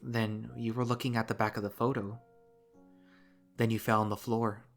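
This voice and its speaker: A man's voice: lowish voice, level tone, moderate pace, faint music behind, close to an everyday voice. A man voicing a determined young fox. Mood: earnest.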